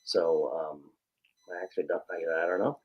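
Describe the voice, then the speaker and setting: A man's voice: sits low, steady tone, normal speed, lo-fi sound. A man talking as a guest author in casual chat, thinking aloud with frequent restarts.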